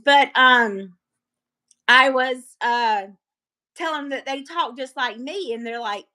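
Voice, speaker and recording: A woman's voice: high-pitched, unhurried, sharp tone. A middle-aged woman from North Carolina with a Southern accent, chatting casually on a livestream and laughing often. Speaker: livestream host. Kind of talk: casual live chat.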